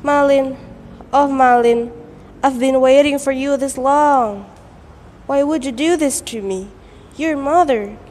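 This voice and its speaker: A woman's voice: high voice, takes it slowly, darkish tone. A young woman voicing a frail, grieving old mother who pleads with her son, in a storytelling performance. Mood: desperate. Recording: echoey hall, faint noise.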